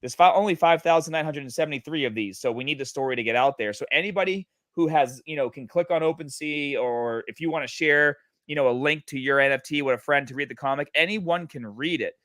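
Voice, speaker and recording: A man in casual livestream chat, pitching his project with many fillers and restarts. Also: fast talker, hardly any pauses, fairly bright tone, dry recording. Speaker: guest, NFT project creator.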